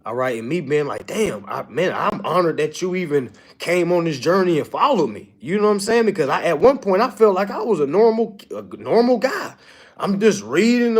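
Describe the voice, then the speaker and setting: An animated man speaks to a live class in a casual, loose way. He swears freely and keeps checking in with the crowd. His voice sits at an ordinary middle pitch for a man. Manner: animated, profane, keeps asking "all right?". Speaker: seminar instructor. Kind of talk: casual talk to a live audience.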